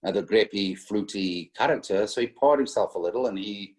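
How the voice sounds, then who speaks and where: A man with a very low voice, talking through an interview as a spirits importer. He speaks casually, pausing on fillers and restarting his sentences as he works through long stories. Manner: hesitant, many fillers and restarts, storytelling.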